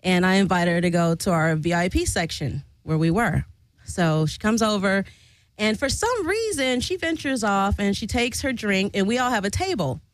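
A woman hosting a podcast, telling a bar-fight story in an animated, profane way and acting out the people she quotes. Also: normal speed, no echo, low-quality recording. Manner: animated, profane, acts out quotes with big pitch jumps. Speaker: podcast host. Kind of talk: casual storytelling.

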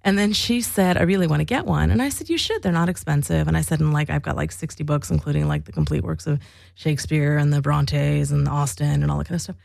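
A woman talks frankly and casually, telling stories with frequent laughs. Her voice is lowish with a gravelly fry. The recording is dry and close. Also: fairly even intonation, quick pace, darkish tone, no echo. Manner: frank, chatty storyteller, laughs often. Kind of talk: casual monologue.

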